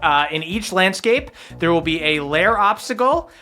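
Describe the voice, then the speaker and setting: Bright-voiced man as game master. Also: sits high, lively intonation, moderate pace, faint music behind. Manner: explains rules at length, with fillers. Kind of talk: narrating a tabletop game.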